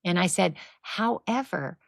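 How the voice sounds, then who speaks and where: A middle-aged woman guest telling lively, faith-based stories and acting out what people said in casual conversation. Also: lowish voice, a little slow, creaky, no room sound. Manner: animated, faith-based storytelling with acted-out quotes. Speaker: podcast guest, nonprofit founder. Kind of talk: conversational storytelling.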